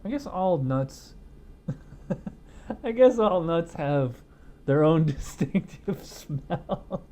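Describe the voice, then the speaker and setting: Speaking very slowly in a slightly high, sing-song, warm voice, a man casually reviews a beer in his home studio. He rambles with plenty of fillers and restarts, chuckling at his own jokes, recorded on a wireless lapel mic tucked behind a studio mic.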